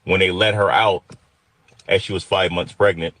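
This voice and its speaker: A man's voice: low-pitched, steady tone, moderate pace, fairly bright tone, dry recording. Intense man in his fifties telling a story. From Detroit, USA. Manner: intense, emotional, vivid retelling. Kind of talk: personal storytelling.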